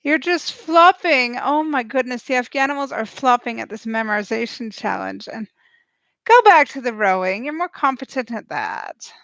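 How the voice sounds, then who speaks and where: A woman giving snarky, excitable live reaction commentary as she watches a show and cheers at the screen. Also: a little high, normal speed, no room sound. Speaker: show recap host.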